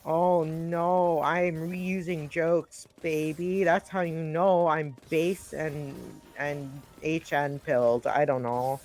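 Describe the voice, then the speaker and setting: A man's voice: fairly high pitch, a little mellow. Jokey rambling male esports caster. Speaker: esports co-commentator. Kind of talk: joking live stream commentary. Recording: music in background.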